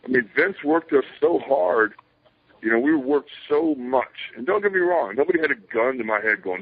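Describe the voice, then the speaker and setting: A man's voice: mid-range voice, expressive, normal speed, breathy edge. A man telling rambling stories as an interview guest, swearing casually and acting out voices he quotes. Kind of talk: rambling storytelling. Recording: tinny phone line.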